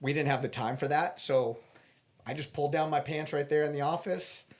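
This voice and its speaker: A man's voice: on the high side, brisk. A man guest in a podcast interview, earnestly telling a personal story and acting out the dialogue, with frequent restarts.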